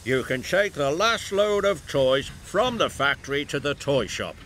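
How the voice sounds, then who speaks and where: A man's voice: on the high side, very animated, a little slow, a bit bright, slight background noise. A man voicing a stern, portly male railway boss who gives orders in a storybook reading. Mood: commanding.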